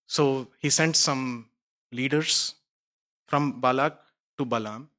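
A man's voice: mid-range voice, slow, sharp tone. A man preaching a sermon, retelling a scripture story in a conversational way with asides to his listeners.

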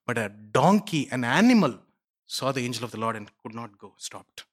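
A man's voice: mid-range voice, big pitch swings, moderate pace. A man preaching a sermon, retelling a scripture story in a conversational way with asides to his listeners.

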